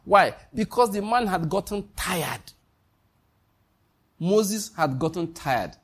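Nigerian male preacher, husky and fairly high-pitched, emphatic, repeats points, quizzes listeners. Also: expressive, slow pace. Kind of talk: sermon.

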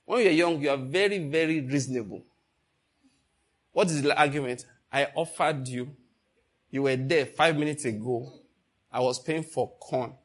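Older man preaching, husky voice, animated storytelling, keeps asking the crowd questions. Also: medium pitch, normal speed, pauses often. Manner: storytelling, animated, calls out to the congregation. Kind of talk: sermon.

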